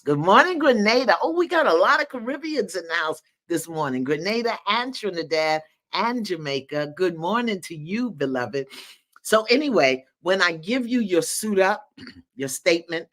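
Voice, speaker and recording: A woman hosts a live community call from her countryside home, reading comments aloud in a folksy, preacherly manner. Her voice is bright and ringing, and her pitch leaps up and drops low. She laughs freely and keeps cheering her listeners on. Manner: animated, laughing, folksy and preacherly, calls out encouragement. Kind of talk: lively live-stream talk, reading viewer comments aloud.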